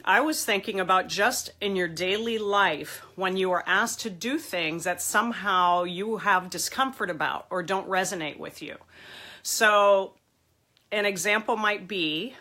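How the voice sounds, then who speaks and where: A woman's voice: lowish voice, bright, forceful tone. A woman therapist with a stuffy nose and a nasal voice, chatting casually and encouragingly to viewers in a live video. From Southern California. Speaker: marriage and family therapist.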